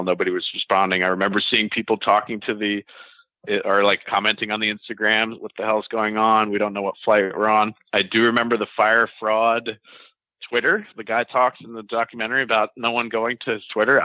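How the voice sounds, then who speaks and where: A man telling an interviewer a story in a casual, animated way, laughing at himself. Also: lowish voice, no echo, low-quality recording. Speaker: interview guest.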